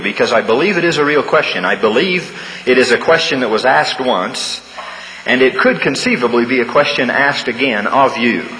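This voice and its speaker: A man giving a humorous sermon to students, a folksy storyteller who pauses with uhs and restarts. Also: mid-range voice, sharp tone. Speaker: speaker at a campus devotional. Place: large church hall. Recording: large hall, faint room noise.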